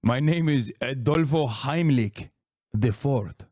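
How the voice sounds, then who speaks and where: An indignant Argentinian man of Nazi stock protests in an overdone mock Spanish accent, as a man puts him on. The voice sits at a middling pitch and sounds dry and close. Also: takes it slowly, darkish tone, dry recording. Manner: mocking, exaggerated.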